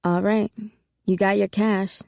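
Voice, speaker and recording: A cocky, streetwise male hustler who talks with swagger in a gravelly, warm voice, as a woman narrator plays him. The sound is dry and close, with no room around it. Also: medium pitch, level tone, measured pace, no echo. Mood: commanding.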